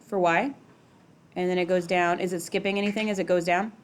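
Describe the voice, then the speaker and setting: Lower-voiced woman teaching a math class. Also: fairly even intonation, fairly quick, slight background noise. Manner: casual, questioning students, filler "like". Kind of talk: classroom lecture.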